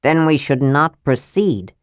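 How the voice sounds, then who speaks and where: A woman voicing a stern, honorable male knight in an audiobook, speaking formally and gravely. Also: deep voice, animated, unhurried, no room sound, clean studio sound, voice pushed down. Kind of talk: audiobook character voice.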